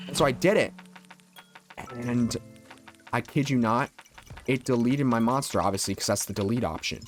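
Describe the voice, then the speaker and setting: A young adult man streaming a video game, chatting casually and rambling through a childhood story with lots of filler words. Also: mid-range voice. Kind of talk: casual storytelling while gaming.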